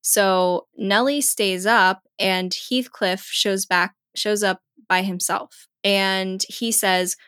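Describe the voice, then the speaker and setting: A woman's voice: mid-range voice, fairly even intonation, slow pace, few pauses, fairly bright tone, smooth, no room sound, studio quality. A woman casually recapping a novel chapter by chapter, chatty and full of "like", lightly voicing the characters' lines. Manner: chatty retelling, voices quotes lightly, frequent "like". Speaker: podcast co-host recapping a novel. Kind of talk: casual chat.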